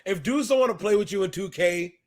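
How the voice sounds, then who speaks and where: A man with a New York accent, co-hosting a casual basketball podcast, joking around and reading a news article aloud with halting restarts. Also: high-pitched. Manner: animated, jokey, reads with halting restarts. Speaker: podcast co-host.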